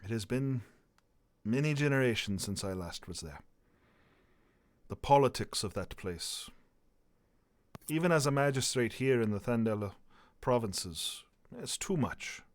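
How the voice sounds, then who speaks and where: Guy voicing a dwarf lady magistrate, thick dwarven accent, formal and a bit halting. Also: medium pitch, lively intonation, no room sound, lightly acted. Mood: welcoming, weary. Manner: formal, welcoming, hesitant. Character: stately female dwarf town magistrate.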